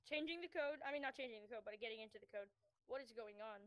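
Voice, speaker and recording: A woman's voice: fairly high pitch, quick pace, a bit bright. A woman live-streaming a VR game, chatting casually and rambling with lots of fillers and restarts into a headset mic.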